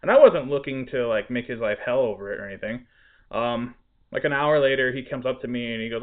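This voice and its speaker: A man's voice: mid-range voice, quick pace. A man, a podcast host and restaurant cook, telling a story in casual chat, laughing and swearing in exasperation. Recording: tinny phone-like audio.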